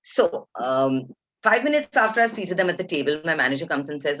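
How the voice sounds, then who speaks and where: A woman in her fifties with an Indian English accent, guest speaker telling animated anecdotes and acting out quotes. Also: low voice, brisk. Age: 50s. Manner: lively storyteller, acts out quotes, laughs often. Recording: dull lo-fi webinar audio.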